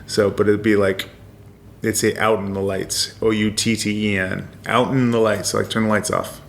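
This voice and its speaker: A man's voice: lowish voice, flat delivery, gravelly, a little hiss or hum. A man from Pennsylvania, a podcast guest, talking casually with many restarts. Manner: halting, lots of restarts and "like". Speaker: guest, tattoo festival organizer. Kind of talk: casual chat. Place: tattoo shop studio.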